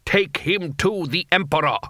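A man's voice: high voice, a little slow, bright, forceful tone, dry recording, clean studio sound, voice pushed up. A man reading an audiobook, voicing a stern male guard officer who gives curt orders. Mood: commanding. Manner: curt, commanding.

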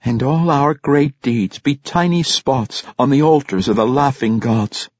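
Man doing a brooding young dwarf, quiet weary voice, husky, dull recording. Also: mid-range voice, measured pace, dry recording, pitched above the performer's own voice, natural voice.

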